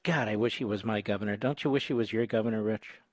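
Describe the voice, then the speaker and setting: A man's voice: lowish voice, fast talker, dry recording. A man in his sixties with an American accent, hosting a talk radio show, sarcastic and mocking, working himself up into angry rants. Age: 60s. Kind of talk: combative talk radio monologue. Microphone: studio microphone.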